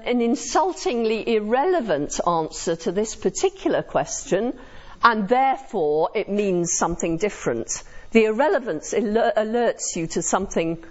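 Lively woman lecturing a class. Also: medium pitch. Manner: conversational, checks understanding with tag questions. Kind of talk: philosophy lecture to students. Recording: dull lo-fi classroom recording.

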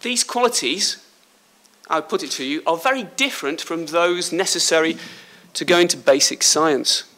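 A man's voice: a little high, moderate pace, bright, forceful tone. A man from Liverpool, a surgeon, giving a chatty, joking talk to pupils at a school. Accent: Liverpool English. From Liverpool, England. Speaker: guest speaker, surgeon. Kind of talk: school speech. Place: school hall.

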